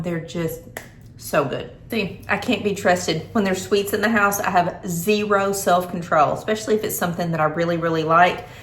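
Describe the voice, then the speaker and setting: A woman's voice: lowish voice, a little hiss or hum. A middle-aged woman, chatting casually to camera in her kitchen as a homey vlogger. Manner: chatty, homey, talks while snacking. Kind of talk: casual vlog chat. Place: home kitchen, indoors. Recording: echoey room.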